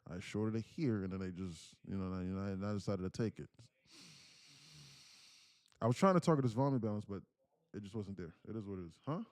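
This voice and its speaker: A man's voice: fairly low pitch, a little fast, pauses often, a little mellow, no room sound. A man live-streaming his day trades, talking casually to his chat and breaking into laughter.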